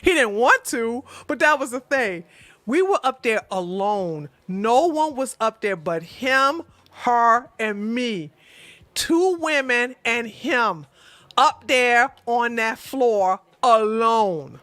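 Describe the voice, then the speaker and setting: A woman hosting a casual livestream, chatting with her viewers in an animated way, often laughing and talking back to the chat. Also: high voice, takes it slowly, no echo. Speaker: livestream host.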